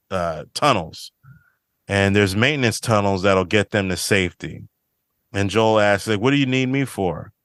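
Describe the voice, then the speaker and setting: A man's voice: low-pitched, a bit bright, clean tone, no room sound, studio quality. A man hosting a podcast, casually retelling scenes from a TV episode and quoting the characters' lines. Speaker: podcast host. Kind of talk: casual chat recapping a TV episode.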